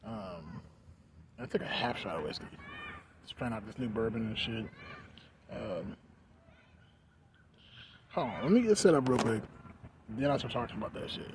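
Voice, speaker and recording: A young man vlogging while high on edibles, rambling with many fillers and slurring his words. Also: expressive, moderate pace, pauses often. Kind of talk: rambling casual vlog. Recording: noisy background.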